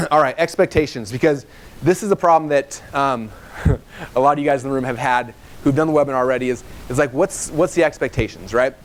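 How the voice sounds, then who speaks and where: A man in his thirties teaching a live seminar to a room, fast and animated, acting out dialogue in his stories. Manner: fast, animated storytelling, acts out dialogue in higher voices. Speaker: webinar trainer.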